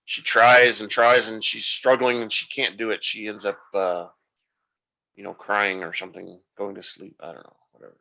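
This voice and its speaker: A man's voice: fairly low pitch, level tone, moderate pace, gravelly, pushed and bright, rough recording. A man hosting a podcast, retelling the plot loosely in a casual recap and thinking aloud as he goes. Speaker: podcast host.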